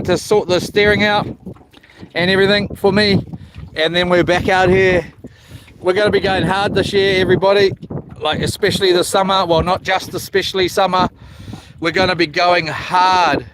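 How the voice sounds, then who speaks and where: A man's voice: high-pitched, little pitch movement, moderate pace. A New man live streaming from a small houseboat, chatting in a laid-back, rambling way, greeting viewers by name and swearing casually. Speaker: livestreaming fisherman. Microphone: phone. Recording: noisy outdoor phone live stream.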